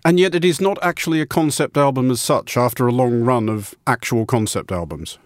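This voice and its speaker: A man hosting a music interview show, reading a measured introduction and asking questions. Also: mid-range voice, no echo, studio quality. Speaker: radio show host.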